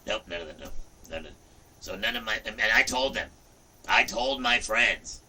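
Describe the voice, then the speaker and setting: A man in his fifties hosting a livestream, chatting casually in an animated, rambling way, often saying "look" and "you know". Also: on the low side, moderate pace, slightly rough, recorded from a distance, rough recording. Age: 50s. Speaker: livestream host.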